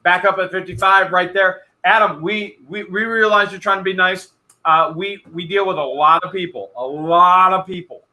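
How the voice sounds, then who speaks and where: A man runs a live online auction, talking straight to his viewers with an energetic, slightly repetitive flow. His voice sits a little high and sounds bright and tense. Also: normal speed. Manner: energetic, talks straight to chat viewers, repeats himself. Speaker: host of an online storage auction stream. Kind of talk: live stream chat and auction hosting.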